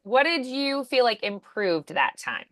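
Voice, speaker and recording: A woman's voice: a little high, very animated, unhurried, a bit bright, no room sound. A woman coaching voice acting in an upbeat, encouraging way, with many fillers. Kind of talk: casual coaching.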